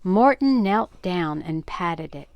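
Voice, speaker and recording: An older woman reading a children's story aloud, gentle and expressive. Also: fairly low pitch, slow, dry recording, muffled recording.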